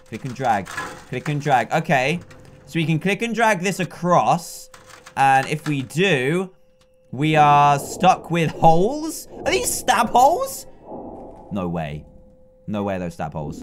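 A young British man in his twenties giving excitable, jokey let's-play commentary, talking to the characters as he plays. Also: on the high side, slight background noise. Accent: British English. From England. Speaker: gaming YouTuber.

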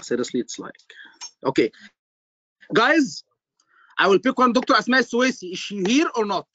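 Animated high-voiced male tutor on a call. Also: normal speed, dry recording, muffled recording. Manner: animated, repeats himself, checks in with the class. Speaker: medical exam tutor. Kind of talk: online class teaching.

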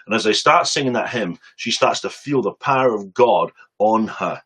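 A man preaching on a webcam stream, telling a story with lively acted-out quotes and quick asides. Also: lowish voice, husky, rough recording.

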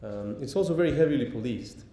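Male lecturer, hesitant delivery, dark tone; echoey hall recording. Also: animated. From Mexico. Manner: halting, many ums and restarts. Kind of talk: public lecture. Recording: echoey hall, faint rumble.

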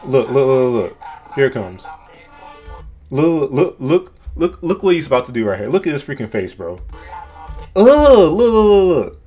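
A man giving casual, excitable, slang-filled reaction commentary to a music video, often laughing. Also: medium pitch, moderate pace. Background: music track playing.

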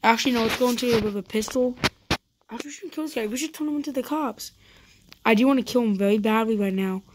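While playing a roleplay game, a YouTuber narrates live and addresses her viewers directly. Her voice sits a little high, and she gets jumpy right away, stacking up quick panicked no's over a slight hiss or hum.

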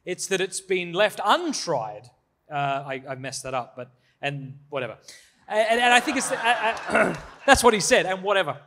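Speaker fielding audience questions, candid and self-mocking, slightly high voice, live conference talk. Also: male voice, sing-song, normal speed, sharp tone. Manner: candid, joking, self-deprecating. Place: conference hall before an audience.

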